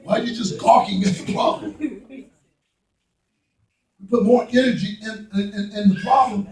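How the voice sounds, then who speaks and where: A man's voice: high-pitched, fairly even intonation, normal speed, a little mellow. A man preaching a sermon in a folksy, joking manner, recorded in a church. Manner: folksy preaching, playful asides. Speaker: pastor. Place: church sanctuary. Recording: echoey church, mic at a distance, congregation heard. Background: congregation responding.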